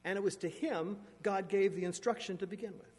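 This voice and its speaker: Preacher in a reverberant church hall. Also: male voice, high-pitched, a little fast, breathy edge. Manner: earnest preaching, reading scripture aloud with asides; dramatic shifts in loudness and emphasis. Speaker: pastor. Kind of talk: sermon. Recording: long reverb of a large hall.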